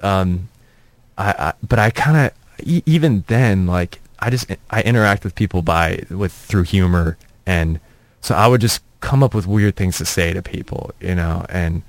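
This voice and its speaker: A young man with a slightly low voice spins a rambling, self-mocking anecdote, often restarting his sentences. His speech sounds close and dry, with no room around it. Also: normal speed, no room sound. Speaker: comedian, interview guest. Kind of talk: casual anecdotal storytelling.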